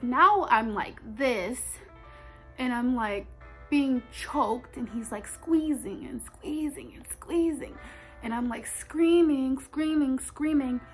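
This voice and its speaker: A woman's voice: high voice, slow pace, soft background music. A young woman telling a personal story in a storytime vlog, talking straight to her viewers with emphasis. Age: young adult.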